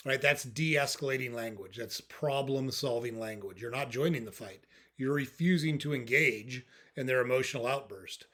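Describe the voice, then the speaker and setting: A male host talking straight to his audience in a calm, even, coaching tone. His voice sits at an ordinary middle pitch. He often pauses to check in with a quick "okay?" or "right?". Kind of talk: advice talk to camera.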